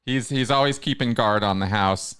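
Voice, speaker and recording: A man hosts a casual live chat show, wandering from thought to thought and restarting sentences. His voice is bright and clean, with a crisp, resonant tone. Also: mid-range voice, moderate pace. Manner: rambling, many restarts. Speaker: host.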